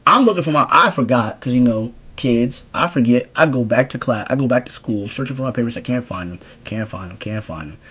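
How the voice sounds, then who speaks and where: A young man telling a profane, slangy story about his school days, jumping from loud exclamations to low mumbled asides. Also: expressive, brisk, few pauses, breathy edge, lo-fi sound. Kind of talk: casual storytime rant.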